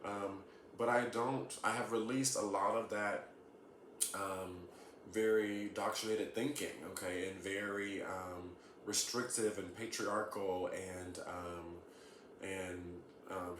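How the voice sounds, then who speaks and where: A man's voice: fairly low pitch, steady tone, a little slow, a bit bright. Earnest man, echoey room, tagging "okay?". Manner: earnest, ends nearly every point with "okay?"; laughs lightly between points. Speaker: astrology vlogger. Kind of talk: casual explanatory vlog. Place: room at home. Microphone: camera mic. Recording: echoey room with faint hiss.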